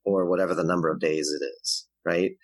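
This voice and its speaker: A man's voice: sits low, steady tone, fairly quick, no room sound, low-quality recording. A man giving earnest, explanatory parenting advice as a guest in a conversational interview. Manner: earnest, explanatory, varies his pace to demonstrate.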